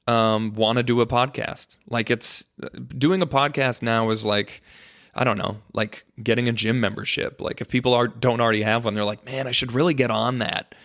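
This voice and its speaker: A man's voice: medium pitch, fairly even intonation, moderate pace, a bit bright, smooth. Rambling, jokey male podcast host. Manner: rambling, jokey, mock-dramatic asides to "folks". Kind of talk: casual solo podcast monologue.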